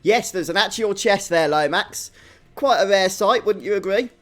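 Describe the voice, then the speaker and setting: Soft music plays beneath a young man from Birmingham, England, whose high-pitched, slightly bright voice runs at a moderate pace while he commentates a live game. He chats with his audience, answering their comments and poking fun at himself with a laugh.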